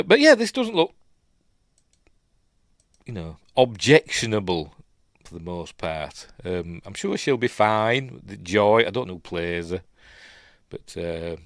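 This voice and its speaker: Rambling Yorkshire man, lively pitch. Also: takes it slowly, pauses often, no room sound, studio quality. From Yorkshire, England. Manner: rambling, opinionated, muttering asides. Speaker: live stream news host. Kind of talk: casual live stream commentary.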